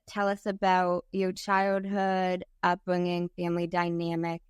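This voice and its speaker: A woman's voice: on the low side, monotone, normal speed, few pauses, clean tone, dry recording, clean studio sound. A woman hosting a podcast interview, upbeat and enthusiastic as she introduces and questions her guest. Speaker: podcast host.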